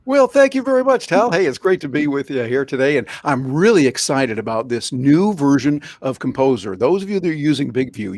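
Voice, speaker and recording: A man presents a live online workshop over a video call, telling it like a playful story. His pitch swings widely up and down, and the sound is close and dry with no room around it. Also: a little mellow, dry recording. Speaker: guest presenter, professional speaker.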